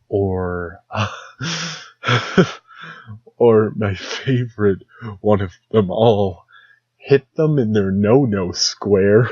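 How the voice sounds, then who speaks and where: A man's voice: fairly low pitch, darkish tone, no echo. A young man hosting a solo comedic podcast, rambling sarcastically and slipping into mocking impressions. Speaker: podcast host. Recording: dull lo-fi dry recording.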